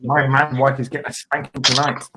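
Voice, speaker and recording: Quiz host: man, mid-pitched, jokey and rambling, casual banter. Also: flat delivery, brisk, background noise.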